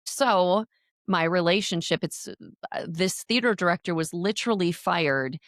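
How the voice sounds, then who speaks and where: A woman's voice: on the low side, a little slow, dry recording, clean studio sound. A woman guest in an interview, telling a personal story in an earnest way with frequent restarts.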